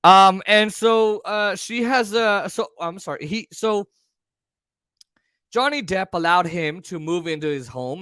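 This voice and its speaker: Male commentary host, chatty and rambling, with a fairly high, bright tone. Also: measured pace, clear, resonant tone, no room sound, clean studio sound. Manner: rambling, many fillers and restarts. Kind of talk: casual commentary.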